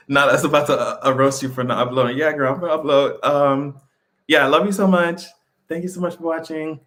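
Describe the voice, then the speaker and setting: Man, livestream host, casual chat, profane, animated, pitch leaping up, laughs often, slightly high voice. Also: moderate pace, pauses often. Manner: laughs often between remarks.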